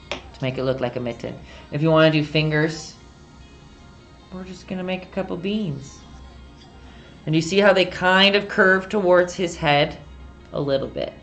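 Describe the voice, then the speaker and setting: A woman's voice: deep voice, a bit bright. A woman giving a casual, rambling live-stream painting lesson, chatty and self-deprecating, often giggling.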